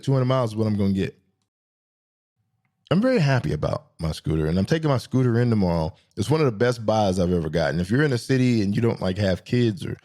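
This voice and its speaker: A young adult man telling stories in a casual vlog, joking and profane, jumping between high squeals and low mutters. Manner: animated, swings from high squeals to low mutters for comic effect. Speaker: vlogger. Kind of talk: casual storytelling monologue.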